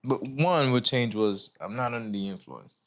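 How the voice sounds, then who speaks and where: A man who is a guest on a podcast, talking in a relaxed, reflective and casual way. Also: mid-range voice, normal speed.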